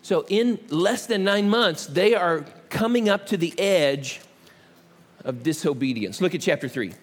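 A man's voice: high voice, lively intonation, measured pace. A male pastor preaching a conversational, humorous sermon and asking the audience questions. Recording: echoey hall.

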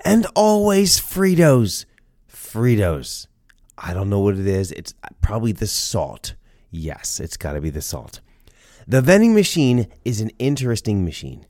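A man's voice: on the low side, big pitch swings, normal speed, a little mellow, dry recording, studio quality. A man hosting a podcast, telling stories in a playful, chatty way with jokey asides. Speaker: podcast host. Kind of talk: storytelling podcast monologue.

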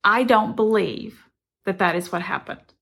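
Gravelly-voiced woman telling a story. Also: mid-range voice, a little slow, a bit bright. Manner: earnest, reflective, conversational. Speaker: motivational speaker. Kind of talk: personal storytelling.

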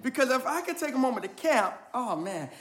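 A man preaching a sermon as pastor, energetic and playful, mixing casual slang into his delivery. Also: very high-pitched, a little fast.

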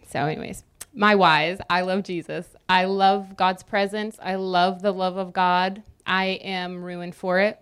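Woman preaching in a smooth, chatty way. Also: on the low side, flat delivery, takes it slowly, a bit bright. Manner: conversational, jokes with the congregation. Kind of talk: sermon.

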